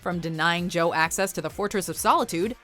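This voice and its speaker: A woman's voice: lowish voice, brisk, sharp tone, soft background music. A woman narrating a scripted countdown video with wry, playful commentary.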